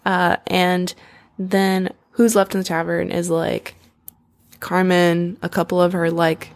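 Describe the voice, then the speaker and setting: A young woman casually retelling an opera plot, acting out the characters in quick quoted voices and filling her talk with "like". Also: on the low side. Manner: animated, acts out characters in quoted voices, frequent "like" and laughter. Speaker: storyteller recapping an opera. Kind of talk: casual chat.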